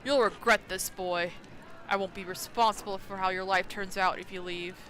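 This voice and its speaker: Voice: mid-range voice, steady tone, normal speed, pushed and bright, slight background noise, close to an everyday voice. A streamer reading the lines of a cruel, domineering middle-aged village patriarch from a game, in a scornful, threatening manner. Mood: contemptuous.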